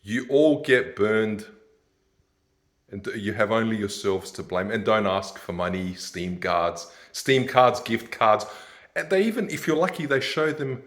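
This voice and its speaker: A man's voice: lowish voice, expressive, unhurried. A man, ranting in a rambling, sardonic monologue and laughing at his own jokes. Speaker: vlogger.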